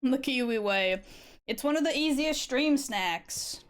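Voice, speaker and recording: A woman's voice: high voice, animated, unhurried. A woman streaming as she draws, chatting casually with her viewers, reacting to their messages and laughing often. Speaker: art streamer. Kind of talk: casual live-stream chat.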